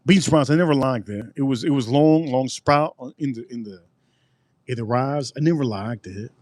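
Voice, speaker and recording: A man's voice: medium pitch, normal speed, a little mellow, no echo. A man rambling through a casual live-stream food review, repeating himself and answering his chat. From United States.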